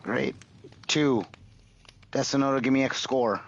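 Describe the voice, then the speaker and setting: A man's voice: mid-range voice, steady tone, measured pace, muffled recording. A man co-hosting a casual podcast chat, swearing freely and ribbing the others. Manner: profane, gruff teasing banter. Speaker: podcast co-host.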